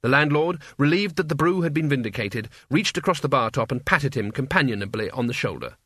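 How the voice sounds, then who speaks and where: A man narrating a story aloud in an expressive, wry reading. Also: mid-range voice, brisk, hardly any pauses, no room sound, clean studio sound. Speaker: audiobook reader. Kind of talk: scripted narration.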